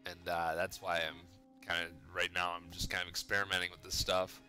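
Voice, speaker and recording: A livestreamer from the Twin Cities in Minnesota chats casually in his garage workshop while making pipe rings. He has a Minnesotan accent, a laid-back manner and swears often. His low voice is flat and sharp, a little fast, with faint music in the background.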